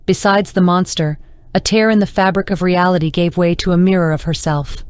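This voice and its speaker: A woman narrating an audiobook in a measured, dramatic reading. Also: fairly low pitch, fairly even intonation, a little mellow, clean tone, dry recording. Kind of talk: scripted narration.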